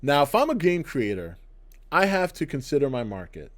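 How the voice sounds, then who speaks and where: A middle-aged man hosting his own video channel rants indoors to the camera, giving a blunt, sarcastic opinion. His voice is a little high and very animated, at a moderate pace.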